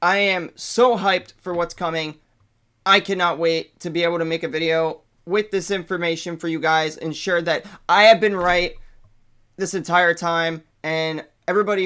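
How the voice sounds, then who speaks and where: A man hosting his own channel, ranting in an excitable, profane way that swings between hype and anger. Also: high-pitched, clean tone. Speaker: channel host. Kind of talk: casual vlog rant.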